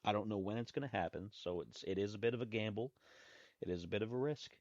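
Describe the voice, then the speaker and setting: A man's voice: lowish voice, fast talker, darkish tone, dry recording. A man hosting his own podcast, talking casually and rambling loosely. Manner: loose and rambling, with restarts and asides. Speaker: podcast host. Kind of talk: casual solo podcast talk. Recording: dry, dull lo-fi sound.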